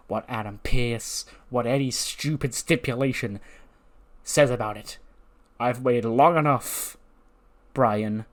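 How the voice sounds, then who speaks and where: A cocky male heel wrestler with a taunting, swaggering promo manner, as a man puts him on. He boasts and sneers in an improvised wrestling promo. His voice sits at an ordinary middle pitch. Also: natural voice.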